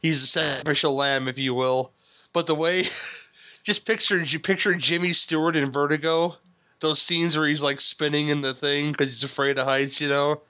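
A man's voice: a little high, steady tone, normal speed, sharp tone. Male podcast host, casual movie chat, laughs and curses a lot, slightly muffled lo-fi sound. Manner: laughing, swearing, rambling with restarts. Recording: dull lo-fi sound.

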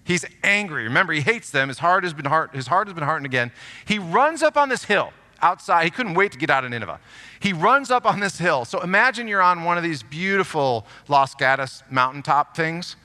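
A man preaching a sermon as pastor, animated and reading scripture aloud with strong emphasis in a church. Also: on the high side, fairly quick. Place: church sanctuary. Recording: long hall reverb.

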